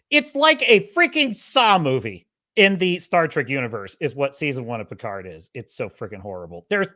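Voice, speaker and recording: A man hosting a casual livestream, rambling and excitable, quick to laugh. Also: fairly high pitch. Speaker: show host.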